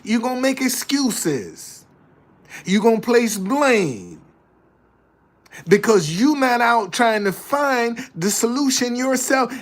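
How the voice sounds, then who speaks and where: A man giving a motivational talk indoors in a preachy way, repeating his key lines for emphasis. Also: very high voice. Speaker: motivational speaker. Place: indoors, a hot room.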